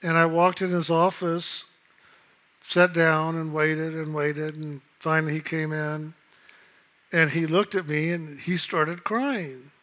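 A man calmly telling a personal story in a reflective, unhurried way, acting out the voices of others in it. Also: on the high side. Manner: calm, unhurried, reflective, acts out quoted voices. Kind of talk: casual spoken storytelling.

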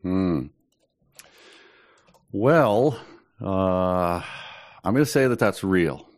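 Low-voiced male co-host, dry close sound, deadpan jokes, hesitant. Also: extremely slow, dry recording. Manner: dry, joking, hesitant with fillers. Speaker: podcast co-host guessing. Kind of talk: casual chat.

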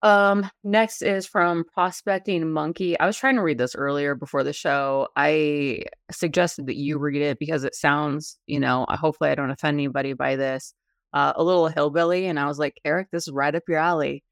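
A woman co-hosting a casual panel show, chatty and quick to laugh, with many fillers. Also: low voice, steady tone, dry recording, clean studio sound. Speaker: podcast co-host.

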